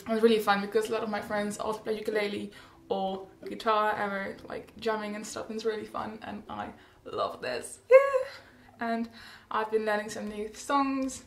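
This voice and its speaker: A woman's voice: mid-range voice, monotone, brisk, hardly any pauses, roomy sound, slight background noise. A teenage girl chatting casually in a rambling, bubbly update vlog, often laughing and correcting herself. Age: teens. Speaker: vlogger.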